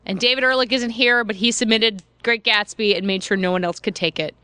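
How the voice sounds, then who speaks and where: A woman's voice: medium pitch, steady tone, a little fast, sharp tone, smooth, dry recording. A woman hosting a movie podcast, opening the show in a wry, upbeat way. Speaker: podcast host. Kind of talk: casual chat.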